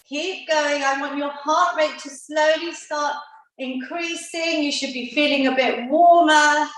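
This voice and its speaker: A woman's voice: high voice, fairly bright tone. A woman fitness instructor leading a live online seniors' workout class, encouraging everyone and counting down the reps. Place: indoor room, live video class. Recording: very echoey room, voice far from the mic.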